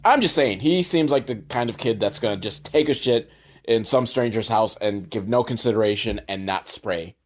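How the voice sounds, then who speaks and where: A man's voice: fairly low pitch, normal speed. A man host sarcastically recapping a movie, swearing a lot and mocking the characters in put-on voices. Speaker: comedy podcast host.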